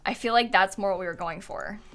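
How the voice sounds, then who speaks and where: A woman's voice: medium pitch, fairly quick, a bit bright. A woman streaming live, chatting casually and thinking aloud as she builds, with frequent ums and laughs.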